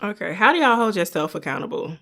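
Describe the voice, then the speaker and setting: A woman's voice: mid-range voice, big pitch swings, quick pace, bright, forceful tone. A young woman co-hosting a podcast in casual chat, laughing often and acting out her relatives' voices. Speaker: podcast co-host.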